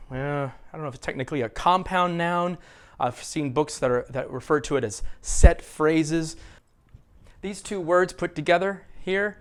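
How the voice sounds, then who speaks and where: An American man teaching an English speaking lesson, asking questions and having students repeat phrases after him. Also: on the high side. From United States. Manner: explains slowly, asks questions, has students repeat phrases. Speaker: ESL teacher.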